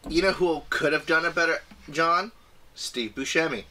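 A man's voice: on the high side, moderate pace, bright, forceful tone, slight background noise. A man co-hosting a podcast in casual chat, rambling and throwing out ideas with enthusiasm. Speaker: podcast co-host.

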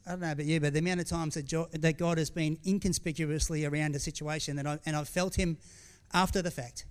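In a fairly high, steady, smooth voice and at a fast clip, a middle-aged pastor preaches conversationally and openly, restarting often and adding asides. Now and then he grows tearful.

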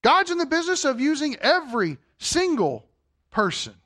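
High-voiced preacher asking rhetorical questions. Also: male voice, big pitch swings, measured pace, pauses often, pushed and bright. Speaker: pastor. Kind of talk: sermon.

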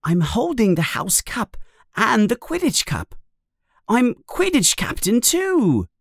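A man reading a storybook aloud, voicing an excitable young schoolboy who gets a bit whiny. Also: high voice, takes it slowly, gravelly, no echo, clean studio sound, pitched above the performer's own voice, exaggerated voice. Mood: excited. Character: boastful young schoolboy, Harry's friend.

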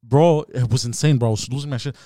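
A man in a casual podcast chat, rattling off a crude, animated story at a quick clip. He leans on "bro" constantly and swears freely, and his voice sits close and dry on the mic. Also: mid-range voice, dry recording. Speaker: podcast host.

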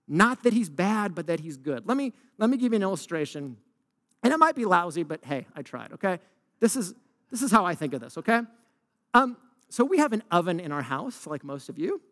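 A male pastor delivers a sermon in a high, lively voice, leaning on rhetorical questions and chatty asides. His voice swoops up and down constantly, and a long reverb trails behind every word, like a big hall. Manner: animated, conversational preaching with rhetorical questions.

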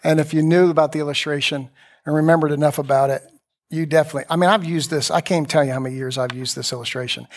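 A pastor preaching a conversational sermon, retelling scripture in a loose, talky way with asides. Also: male voice, on the high side, steady tone, fast talker.

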